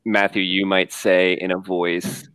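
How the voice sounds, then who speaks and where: Smooth low-voiced man explaining, hesitant. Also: level tone, unhurried, a bit bright, dry recording. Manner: hesitant, many ums, explaining step by step. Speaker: comic creator, host. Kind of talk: casual video call chat.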